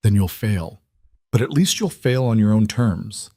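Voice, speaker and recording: A man's voice: lowish voice, lively intonation, a little slow, a little mellow, no room sound, clean studio sound. A man voicing a blunt, hardened young mafia man who speaks tersely and steadily. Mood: calm.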